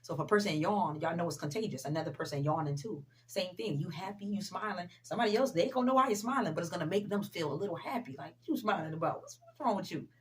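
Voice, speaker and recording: With a lowish voice that rushes along with hardly a pause, a woman delivers a relaxed motivational talk straight to her viewers. She keeps saying "you know" and repeats key phrases for emphasis.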